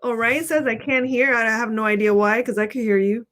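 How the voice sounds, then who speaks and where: A woman co-hosts a motivational chat in a fairly high voice. She talks in an animated, chatty way and breaks into laughter often. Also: brisk. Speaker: co-host.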